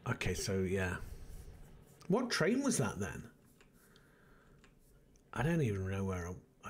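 Male gamer host, unhurried and animated, rambling gameplay commentary. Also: low-pitched, breathy edge. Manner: muttering and thinking aloud, rambling with restarts. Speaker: let's play host.

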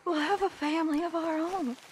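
An actress voicing the ghost of a young jilted woman from the South, who speaks slowly and tearfully and keeps pleading. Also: extremely high pitch, fairly even intonation, a little hiss or hum. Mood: bitter longing. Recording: game audio with loud swamp ambience.

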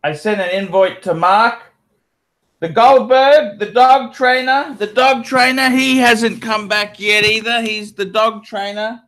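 A man in his forties rambles through a casual livestream, repeating himself and cursing in jest. His voice sits high and bright, and he talks slowly, dwelling on each phrase. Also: steady tone. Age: 40s. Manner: reads out donor messages. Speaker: livestream host.

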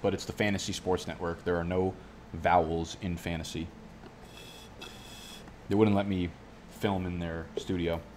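Male streamer, low voice, loose and profane, tangent-prone chat. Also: little pitch movement, normal speed, long pauses, a little mellow, slight background noise. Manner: profane, rambling, goes off on tangents. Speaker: fantasy football youtuber. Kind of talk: casual live-stream commentary. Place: home studio.

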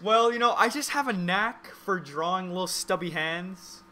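A young man co-hosting a casual podcast over a call, cracking goofy deadpan jokes. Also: high-pitched, moderate pace. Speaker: podcast co-host. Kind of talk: casual chat. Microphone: video call.

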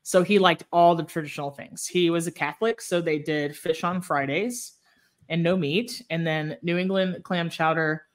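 A woman's voice: fairly low pitch, steady tone, moderate pace. A woman from Texas, co-hosting a podcast in casual chat and laughing easily. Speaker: podcast co-host.

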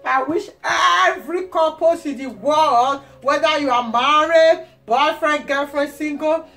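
A woman's voice: high voice, a little slow, a bit bright, faint music behind. A woman vlogging at home, gushing and repeating her exclamations of surprise. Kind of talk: emotional vlog. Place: home, indoors.

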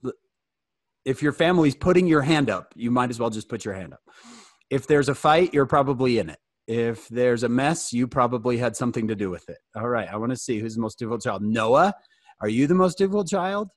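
A man in his forties at home, giving a humorous storytelling talk to teenagers, animated and joking, calling on listeners by name. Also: mid-range voice, a little fast, no echo, studio quality. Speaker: youth fireside speaker.

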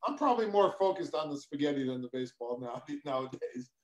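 A man's voice: medium pitch, animated, quick pace, low-quality recording. A middle-aged man, a guest on a casual video-call chat, talking in a laid-back, hesitant way with many fillers. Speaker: guest, former player.

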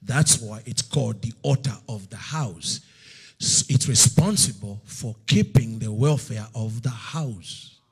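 A middle-aged male preacher telling a story in a sermon, swinging between loud slow outbursts and hushed near-whispers. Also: medium pitch, slightly rough. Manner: storytelling, acts out God's voice in loud slow bursts.

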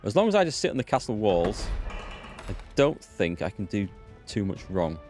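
A man with a low-pitched voice talks his way through a strategy game in a chatty, rambling manner. He thinks out loud and pokes fun at himself as he plays. Game music plays faintly in the background. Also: very animated, normal speed. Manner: chatty, rambling, self-deprecating. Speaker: let's play host. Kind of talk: casual gameplay commentary.

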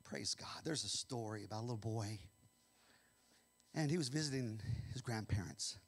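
A male pastor from the American Midwest preaching a sermon, swinging from hushed storytelling to shouting. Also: lowish voice, moderate pace, slightly rough.

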